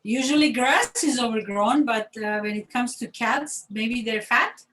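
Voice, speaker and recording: A woman with a fairly high voice answers slowly in an online workshop. She is tentative and laughs between her answers. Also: a bit bright, poor audio. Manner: giggly, tentative. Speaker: workshop participant. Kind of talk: casual discussion.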